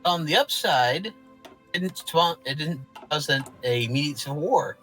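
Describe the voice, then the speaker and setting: Bright-voiced man, wry gamer. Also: on the high side, animated, moderate pace, soft background music, poor audio. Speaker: player. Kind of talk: casual multiplayer game chat.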